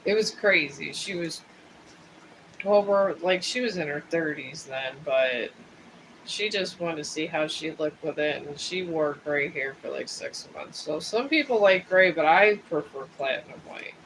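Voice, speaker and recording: A man's voice: on the high side, unhurried, fairly bright tone, a little hiss or hum, poor audio. A man reading tarot cards on a livestream, chatting in a rambling, casual way and drifting from topic to topic. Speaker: tarot reader and livestream host. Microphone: streaming setup.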